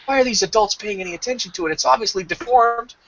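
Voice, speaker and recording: Haughty, disgusted cat, shrill and sneering, as a man puts it on. Lo-fi stream sound. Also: fast talker, a bit bright, slight background noise. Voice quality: shrill, high, scornful. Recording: slightly dull lo-fi stream audio.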